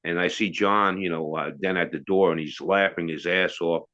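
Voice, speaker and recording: A man's voice: sits low, steady tone, moderate pace, bright, forceful tone. A middle-aged man telling a story as an interview guest, casual and rambling, with restarts and asides. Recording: dull lo-fi sound.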